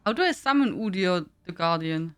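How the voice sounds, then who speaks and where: A woman's voice: lowish voice, animated, normal speed, fairly bright tone, smooth. An actress playing an earnest young female druid hero in video game dialogue, speaking steadily.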